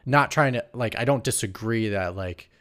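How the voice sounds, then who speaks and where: A man with a very deep, low voice hosts a casual podcast chat about games. He talks in a halting way and restarts his sentences when he argues a point. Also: a bit bright. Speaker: podcast host.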